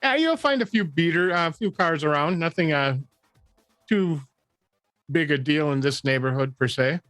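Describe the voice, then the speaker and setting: A man acting as game master in a casual tabletop session, relaxed and hedging, often laughing. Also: fairly high pitch, moderate pace, no echo, faint music behind.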